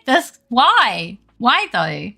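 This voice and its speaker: A woman's voice: a little high, wildly swooping pitch, extremely slow, gravelly, pushed and bright. A woman chatting casually with her viewers on a live stream, swearing freely and laughing often.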